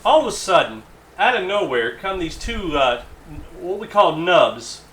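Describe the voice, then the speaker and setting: Bright-voiced storytelling radio host man. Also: high voice, roomy sound, a little hiss or hum. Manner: animated anecdotal storyteller, halting asides.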